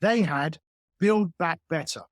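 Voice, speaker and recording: A man's voice: a little high, a little slow, no room sound, studio quality. A man speaking as a guest on a video call, building his points emphatically through analogies and repetition. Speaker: guest commentator. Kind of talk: animated explanatory conversation.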